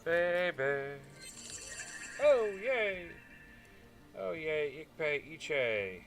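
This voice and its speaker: A young man with a bright, forceful, slightly high voice chats his way through a game stream. He reacts to viewers' messages and drifts through fillers as he thinks aloud. Faint game music sits behind him. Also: sing-song, extremely slow. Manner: chatty, answers chat, trails off with fillers. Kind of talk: casual gaming stream chat.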